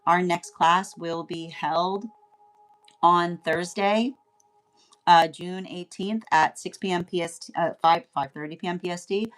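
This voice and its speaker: Rambling, low-voiced woman tarot reader. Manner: rambling, repeats "right?", often laughs. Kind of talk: casual spoken tarot reading.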